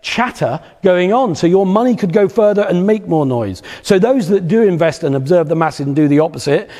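A man's voice: high-pitched, animated, brisk, dark tone. Man telling stories in a reverberant hall. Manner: anecdotal storyteller, repeats phrases for rhythm. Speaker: business speaker. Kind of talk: live motivational talk. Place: lecture hall at a live event.

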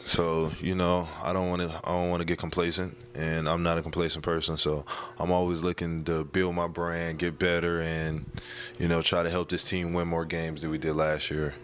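A young man, a basketball player, answering interview questions in a calm, casual way. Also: sits low, moderate pace, slight background noise.

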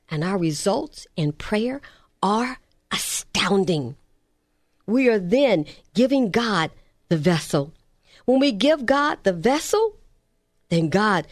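A middle-aged woman preaching a sermon, emphatic, slowing and dropping low on key words and repeating lists. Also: no room sound, clean studio sound.

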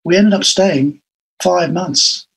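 An older man with an Australian accent tells his stories in an animated, anecdotal way and acts out the quotes. His voice sits a little high and sounds husky. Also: slow, rough recording. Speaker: interview guest. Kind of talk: storytelling in an interview.

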